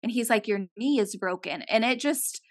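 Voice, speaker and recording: A young woman co-hosting a podcast, telling a casual story and acting out quotes with big jumps in pitch. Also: normal speed, no room sound. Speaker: podcast co-host.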